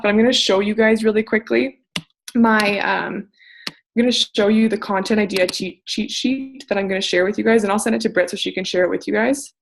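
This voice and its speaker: Young woman, gravelly fry, upbeat casual coaching talk with mild swearing. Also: medium pitch. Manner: energetic, chatty, swears casually. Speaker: network marketing coach. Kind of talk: casual motivational talk on a group call.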